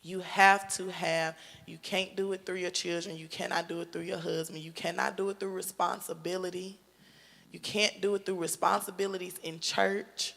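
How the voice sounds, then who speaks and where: A woman's voice: fairly low pitch, level tone, normal speed, gravelly, a bit bright, big-room sound. A woman on a panel speaking earnestly and emphatically in casual chat. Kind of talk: casual chat turning to exhortation.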